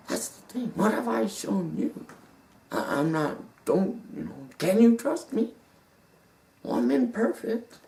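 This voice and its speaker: A man giving a personal testimony, halting and repeating his words, earnest and devout. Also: sits high, big pitch swings, creaky, darkish tone. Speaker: speaker telling his story. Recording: roomy sound from a distant mic.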